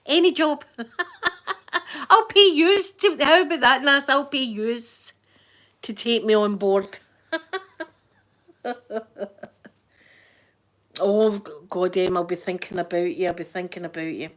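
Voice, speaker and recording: Woman, thick Scottish accent, casual live chat, laughs often, mid-pitched voice. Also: slow, long pauses, a bit bright. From Scotland. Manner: chatty, laughs often, reads out viewer names. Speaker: livestreaming YouTuber.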